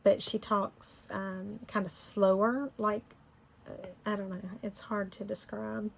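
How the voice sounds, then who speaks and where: A middle-aged woman from Florida with a Southern Georgia accent rambles through a casual screen-recorded design tutorial, chatty and quick to laugh. Her medium-pitched voice is slow and flat with some vocal fry, and there's a faint hiss or hum.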